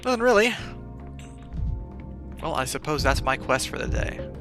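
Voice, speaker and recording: A man's voice: on the high side, big pitch swings, normal speed, music in the background. A man commentating his own gameplay in a wry, sarcastic way, swearing often. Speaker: game streamer. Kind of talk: let's play commentary.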